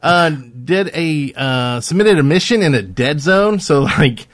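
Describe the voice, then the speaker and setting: A man's voice: a little high, animated, a little slow, no echo, clean studio sound. A man from Alabama, co-hosting a podcast in casual chat, rambling with many fillers and frequent laughs. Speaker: podcast co-host.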